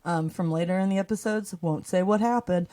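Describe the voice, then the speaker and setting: A woman's voice: fairly low pitch, fairly quick, dark tone. A woman co-hosting a podcast in a home attic. She chats loosely, with frequent fillers and laughter. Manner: chatty, giggly, rambling with fillers. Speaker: podcast co-host. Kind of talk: casual chat with laughter.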